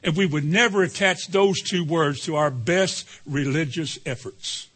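A man's voice: fairly high pitch, measured pace, fairly bright tone, breathy edge. A man preaching a sermon, emphatic and calling out to the congregation for responses.

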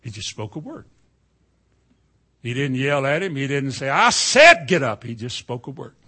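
A middle-aged man of medium pitch preaches at a normal speed in a folksy, storytelling manner. His delivery swings from hushed tones up to loud cries.

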